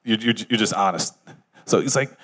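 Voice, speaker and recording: A man, a former basketball player, telling a casual anecdote to a former teammate in a measured, unhurried way. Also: on the low side, animated, a bit bright.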